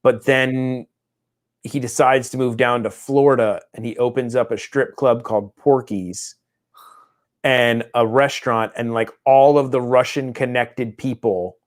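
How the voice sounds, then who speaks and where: A man's voice: mid-range voice, fairly even intonation, unhurried. Man telling a rambling story. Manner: rambling storyteller, acts out quoted people. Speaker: podcast co-host. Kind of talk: casual chat.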